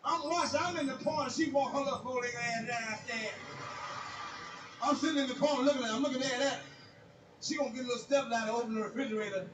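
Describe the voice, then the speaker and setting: A man doing stand-up comedy, telling stories in a loud, crude, animated rant before a live audience. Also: very high-pitched, fast, noisy background. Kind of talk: profane stand-up storytelling. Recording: echoey live recording from far off.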